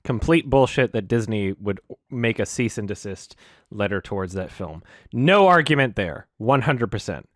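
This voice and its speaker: A woman's voice: a bass voice, animated, moderate pace, no room sound, studio quality. A woman streamer giving angry reaction commentary, ranting, indignant and sarcastic, repeating her questions.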